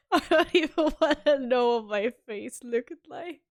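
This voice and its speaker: A woman streamer greeting her chat in a casual, excitable way, laughing and swearing often on a headset mic. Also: high voice, unhurried, no echo, studio quality.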